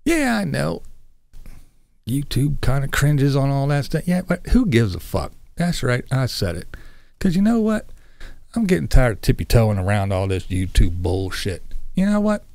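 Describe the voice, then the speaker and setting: A man's voice: medium pitch, very animated, moderate pace, vocal fry, darkish tone, no echo. A man hosting his own vlog, ranting bluntly and crudely with lots of swearing. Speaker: vlog host.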